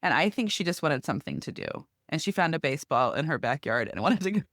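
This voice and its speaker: Animated storytelling woman, dry close mic. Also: sits low, fast, no echo. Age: middle-aged. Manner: lively storytelling, acts out quoted neighbors. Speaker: podcast co-host. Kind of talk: casual chat.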